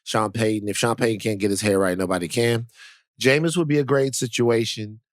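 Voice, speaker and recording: A man's voice: fairly low pitch, a little fast, dry recording, clean studio sound. A middle-aged man co-hosting a podcast, talking in casual chat that rambles, full of restarts and "you know"s. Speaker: podcast co-host.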